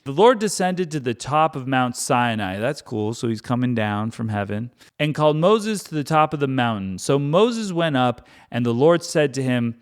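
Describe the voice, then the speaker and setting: A man's voice: mid-range voice, sing-song, normal speed, few pauses, smooth. A man reading scripture aloud and breaking off into wry, chatty, joking commentary. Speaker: Bible reader and commentator.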